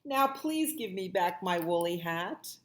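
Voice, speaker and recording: A woman voicing a gentle, earnest young male bear in a picture book read aloud, pleading politely. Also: lowish voice, expressive, a little slow.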